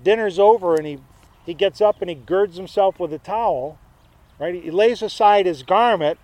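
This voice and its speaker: A man's voice: high voice, normal speed, darkish tone, dry recording. A male pastor preaching a sermon in a conversational way, with joking asides to his congregation.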